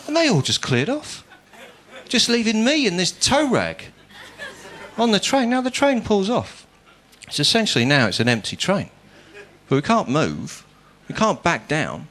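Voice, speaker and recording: Self-mocking stand-up comedian, lively pitch. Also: male voice, a little slow, a faint crowd. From England. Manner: dry, self-mocking storytelling with put-on voices. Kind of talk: stand-up routine. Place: comedy club stage. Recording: live club with loud audience laughter.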